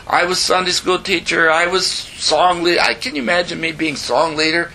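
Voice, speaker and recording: A man's voice: on the high side, level tone, normal speed, creaky, pushed and bright, a little hiss or hum, poor audio. A man in his seventies preaching a sermon, telling his own story earnestly with emphatic asides and bantering with the audience. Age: 70s. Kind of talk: sermon testimony.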